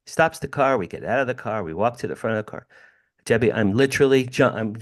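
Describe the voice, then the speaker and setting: A man's voice: mid-range voice, fast. A man in his sixties from New Jersey, a podcast guest telling an emphatic story from his home over a video call. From New Jersey, USA. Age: 60s. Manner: animated, emphatic storyteller who addresses the host by name. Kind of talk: storytelling in an interview. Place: home room with drums.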